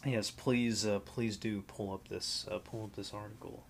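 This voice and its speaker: A man's voice: on the low side, steady tone, moderate pace, gravelly. A man co-hosting a casual chat, rambling and filling his sentences with "like". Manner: rambling, heavy use of filler "like". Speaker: podcast co-host.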